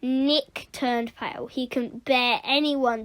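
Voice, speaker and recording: A woman reading a children's book aloud with lively, expressive storytelling. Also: a little high, takes it slowly. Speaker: storybook reader.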